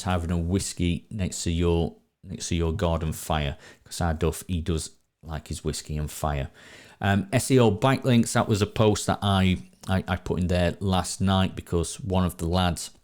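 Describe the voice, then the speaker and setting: Brief: man, low voice, easygoing host who stumbles and restarts often. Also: a little mellow. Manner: chatty, repeats words, frequent restarts. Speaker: podcast host. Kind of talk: casual live-stream chat. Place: at home.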